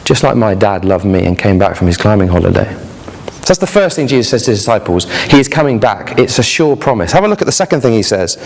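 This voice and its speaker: A man's voice: fairly low pitch, fast, creaky. Storytelling young male preacher in a hall. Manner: lively storytelling, asks the audience questions. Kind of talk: sermon. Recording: echoey hall.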